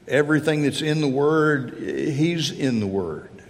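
A man's voice: a little high, expressive, measured pace. A man preaching a sermon earnestly, voicing heartfelt prayers in the first person as he speaks to his congregation. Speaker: pastor. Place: church sanctuary. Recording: church hall reverb.

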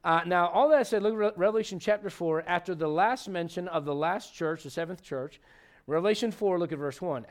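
Speaking briskly in a high voice, a male pastor preaches to his congregation in a church sanctuary. His sermon is conversational and emphatic, full of questions directed at the room.

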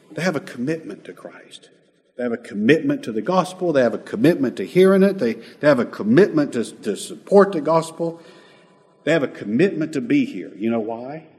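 A man preaching a sermon as pastor, earnest, swelling loud and then dropping almost to a whisper. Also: mid-range voice. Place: church sanctuary. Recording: long hall reverb from a church.

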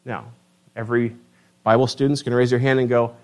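A man preaching a sermon, animated and emphatic, asking his listeners rhetorical questions. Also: medium pitch, fairly quick. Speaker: pastor.

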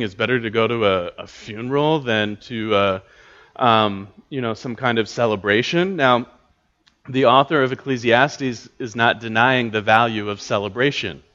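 A man teaching a church class on scripture, thoughtful and halting, with many filler words and restarts. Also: mid-range voice, fairly bright tone. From United States. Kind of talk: Bible teaching talk. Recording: dull lo-fi recording.

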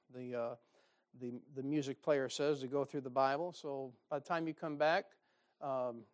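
A man's voice: on the high side, smooth. A man preaching a sermon, telling folksy stories with dry sarcasm. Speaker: pastor.

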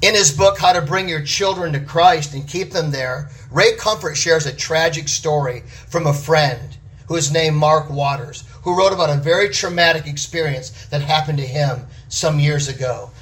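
A man's voice: on the high side, normal speed, hardly any pauses, fairly bright tone, far from the mic. A man preaching a sermon with an emphatic, repetitive cadence.

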